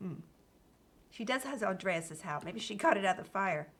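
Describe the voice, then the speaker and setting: A woman's voice: mid-range voice, lively intonation, a little fast, a bit bright, slightly rough. A woman streaming a video game, chatting casually with viewers and reading game dialogue aloud. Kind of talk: casual live-stream chat.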